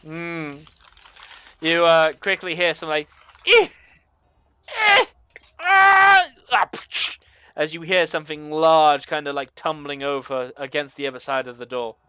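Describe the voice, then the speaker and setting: Bright, clean-voiced game master. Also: mid-range voice, flat delivery, normal speed, clean tone. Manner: loose, filler-heavy description. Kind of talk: narrating a tabletop game.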